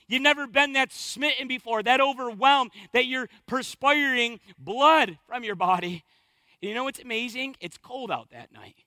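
A man preaching a sermon as pastor, impassioned, swinging between loud emphasis and hushed, near-whispered lines. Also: very high voice, dry recording, rough recording.

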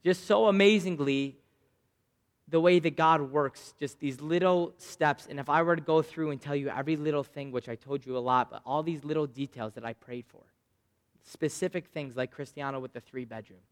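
A man in his thirties preaching a sermon, telling a personal story with loud bursts and quiet asides. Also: a little high, moderate pace, big-room sound. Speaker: pastor.

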